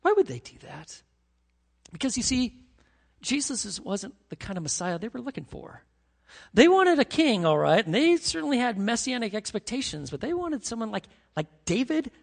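A man preaching a sermon as pastor, emphatic and animated, reading scripture dramatically. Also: very high voice, normal speed, vocal fry, long reverb tail.

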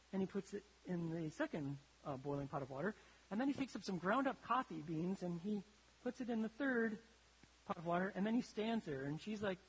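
A man preaching a sermon to his congregation, emphatic, his voice swelling and then dropping low for effect. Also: husky. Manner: emphatic, rises and drops sharply for effect. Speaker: pastor. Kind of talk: sermon with a story. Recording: long hall reverb.

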